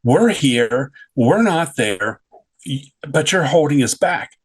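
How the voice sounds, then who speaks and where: A man's voice: lowish voice, animated, slow, breathy edge, no room sound, full character voice, low-quality recording. A man voicing two stern young male spirits who scold insistently, quoted within his own story.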